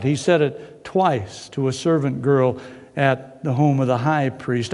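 A man preaching a sermon in a dramatic storytelling way, pausing and repeating phrases. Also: medium pitch, steady tone, a little mellow. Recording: reverberant hall.

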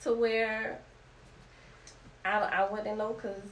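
A woman speaking as a guest in a casual group discussion, measured and hedging her opinions. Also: mid-range voice, little pitch movement, slight background noise. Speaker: podcast guest. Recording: distant and echoey.

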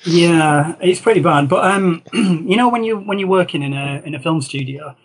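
A Yorkshire man with a Northern English accent rambles through anecdotes as a guest in a casual interview; he's a film concept designer. His voice is a little high and husky at a normal speed, on a low-quality recording.

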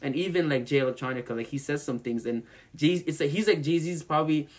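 Brief male co-host, casual music chat, excitable and rambling, filler-heavy. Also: on the high side, fast talker.

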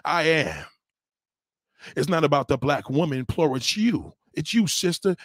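Heated man ranting, husky voice. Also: a little high, sing-song, normal speed, no echo, studio quality. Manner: heated, scolding, repetitive. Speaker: livestream host. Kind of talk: ranting commentary.

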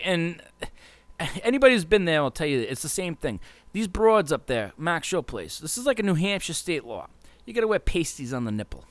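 A man's voice: mid-range voice, a bit bright, no room sound. Profane rambling man ranting. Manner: rambling, heavy swearing, sarcastic. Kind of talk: profane casual rant.

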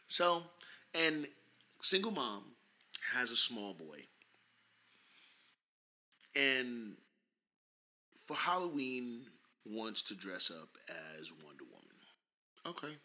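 Very bright, lively-voiced podcast man. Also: mid-range voice. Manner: animated, laughs often, teasing. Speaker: podcast co-host, father. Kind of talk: casual podcast chat.

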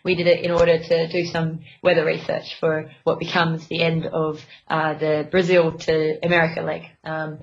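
A woman's voice: low-pitched, completely flat delivery, normal speed, hardly any pauses. Hesitant woman on a dull line. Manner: hesitant, many fillers and restarts. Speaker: interviewed sailor. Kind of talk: casual radio interview.

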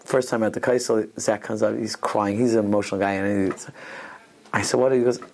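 A man's voice: on the low side, fairly even intonation, fairly quick, gravelly, darkish tone. A man teaching an informal Torah class to students, telling rambling stories sprinkled with Hebrew and Yiddish terms, often restarting his sentences. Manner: frequent restarts and asides.

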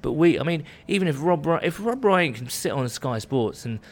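A man's voice: on the high side, lively intonation, moderate pace. A man hosting a casual podcast chat, reading out listener tweets with wry asides. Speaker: podcast host.

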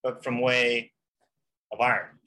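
Bright-voiced young man playing faux expert. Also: medium pitch, little pitch movement, measured pace, slight background noise. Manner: faux-expert, rambling with fillers. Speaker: podcast co-host. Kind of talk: improvised comedy podcast chat.

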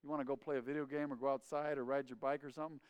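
A man's voice: medium pitch, little pitch movement, very fast, clear, resonant tone, lo-fi sound. A man preaching a sermon as a pastor, with emphatic, repetitive phrasing. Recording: long hall reverb.

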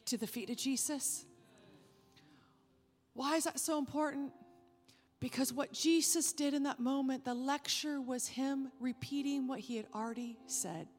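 High-voiced woman preaching in a hall. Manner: emphatic, rises sharply when animated, drops soft for stress. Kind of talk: sermon. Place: church sanctuary. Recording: reverberant hall with faint music.

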